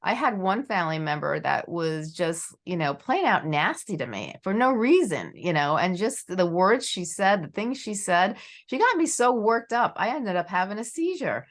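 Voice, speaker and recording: A woman's voice: medium pitch, big pitch swings, moderate pace, hardly any pauses. A middle-aged woman hosting a podcast interview in a casual, rambling way, leaning on "you know" a lot. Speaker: podcast host.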